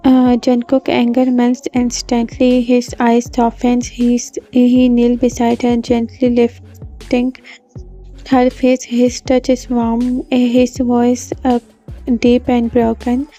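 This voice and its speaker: A woman narrating a romance story in a slow, even storybook reading. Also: a little high, faint music behind, poor audio.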